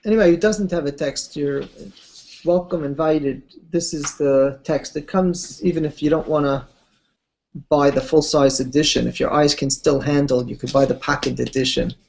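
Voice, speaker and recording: A woman giving a Torah class, telling stories in an unhurried, conversational way with expressive swings of pitch and casual asides. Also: creaky. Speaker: Torah teacher. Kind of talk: Torah class lecture with storytelling.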